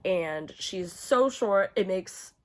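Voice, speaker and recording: A woman's voice: mid-range voice, expressive, takes it slowly. A young woman giving casual, profane ranking commentary to camera, chatty and full of fillers, gushing about favorites. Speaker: horror video creator.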